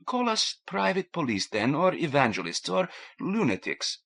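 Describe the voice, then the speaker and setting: A man's voice: fairly high pitch, very animated, normal speed, vocal fry, fairly bright tone, voice pushed up, full character voice. A man voicing a stocky, idealistic male ship's mate who speaks with a foreign accent, precise and earnest.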